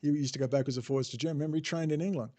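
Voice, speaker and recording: A man's voice: fairly high pitch, fairly even intonation, rapid-fire, mellow. A man hosting a casual livestream, rambling off the cuff, swearing freely and answering viewer chat as he goes. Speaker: livestream host.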